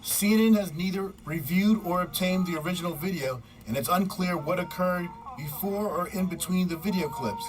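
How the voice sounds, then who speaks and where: A man delivering a scripted news report in a measured, formal way. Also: sits high, distant mic, low-quality recording. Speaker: news correspondent.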